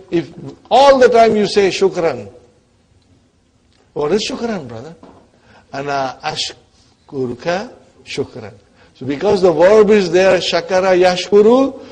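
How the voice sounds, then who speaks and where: A man teaching an Arabic grammar class, coaxing his students and checking in with them often, his voice dropping away quietly at the ends of phrases. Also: on the high side, husky.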